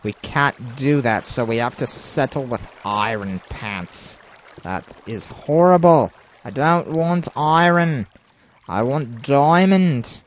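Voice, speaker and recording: Guy rambling to himself over a game, slow talker, pitch jumps all over, faint hiss behind. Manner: rambling, talks to himself, excitable outbursts. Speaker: let's play host. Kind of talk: gameplay commentary.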